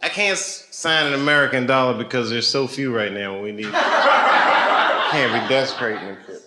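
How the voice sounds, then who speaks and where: A man trading easygoing jokes with fans, his voice at an ordinary middle pitch. The room rings with echo, and noise carries in the background. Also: big pitch swings, normal speed. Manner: joking, laughing, easygoing banter. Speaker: comedian. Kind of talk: casual chat with fans.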